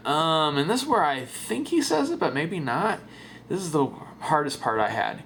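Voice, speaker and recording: A man's voice: medium pitch, lively intonation, moderate pace, creaky, fairly bright tone, slight background noise. A man giving casual, offhand asides while narrating a comic voice-over dub. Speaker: parody translator.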